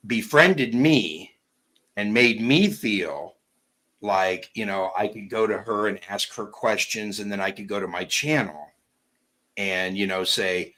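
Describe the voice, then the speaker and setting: A man's voice: lowish voice, lively intonation, normal speed, bright, forceful tone. A man talking casually as a guest, blunt and emphatic, peppering his talk with "you know". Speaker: guest commentator. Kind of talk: casual chat.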